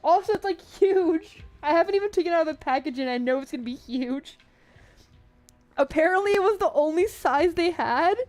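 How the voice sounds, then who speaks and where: Woman streamer, high-pitched voice, casual chat, loose and chatty, soft music in the background. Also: lively intonation, fairly quick, no echo. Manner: chatty, laughing, lots of "like" and "dude". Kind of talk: casual livestream chat while reading a game story.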